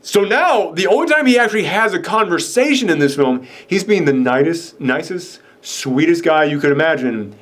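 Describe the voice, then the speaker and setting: A young man co-hosting a casual film chat, animated and excited, acting out characters' lines as he talks. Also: fairly high pitch, moderate pace, few pauses. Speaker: podcast co-host reviewing a film.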